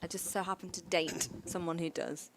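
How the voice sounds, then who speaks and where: A woman's voice: lowish voice, steady tone, moderate pace, a bit bright, a little hiss or hum. A woman commentating on poker, joking and bantering casually. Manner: playful, jokey, laughs often.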